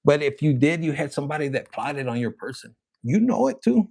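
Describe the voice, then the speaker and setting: Profane, excitable tarot-reading man. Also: a little high, a little fast, gravelly. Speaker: tarot reader.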